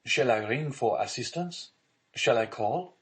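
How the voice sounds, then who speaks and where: A man's voice: mid-range voice, lively intonation, a little slow, pitched above the performer's own voice, close to an everyday voice. A man reading as an earnest young prisoner. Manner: earnest, pleading. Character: earnest young male prisoner, honest and eager.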